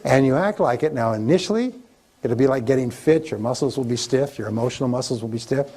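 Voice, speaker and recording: A man speaking as a motivational speaker at a live seminar, emphatic and repetitive, his voice often jumping higher to stress a point. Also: quick pace, slightly rough. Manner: emphatic, repetitive, with lively rises.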